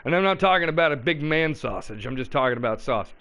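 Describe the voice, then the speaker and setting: A man's voice: a little high, expressive, quick pace, pushed and bright. A man hosting a live call-in show, talking in a brash, profane and rambling way.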